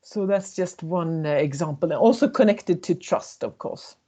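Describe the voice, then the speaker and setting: A woman's voice: fairly low pitch, normal speed, mellow, slightly rough. A woman, a consultant presenting a webinar, telling stories and acting out what people say. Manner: storytelling, acting out quoted voices. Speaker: intercultural communication consultant.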